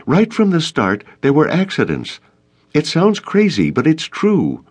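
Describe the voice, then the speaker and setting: Guy doing a cross, insistent woman for an audiobook, voice pitched way up. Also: huge pitch swings, a little slow, breathy edge, full character voice. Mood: urgent. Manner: insistent, snappish. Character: sharp, fearful adult woman. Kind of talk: audiobook character reading.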